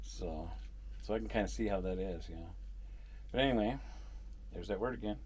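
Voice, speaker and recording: A man's voice: sits low, unhurried, darkish tone, slight background noise. A man vlogging in a casual, rambling monologue, telling a story and chuckling often at his own jokes. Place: parking lot.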